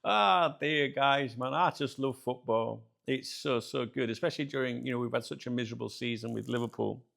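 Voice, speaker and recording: A man with a British accent hosting his channel, telling a story casually to viewers, chatty and animated, laughing often. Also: mid-range voice, brisk, gravelly. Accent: British English. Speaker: channel host.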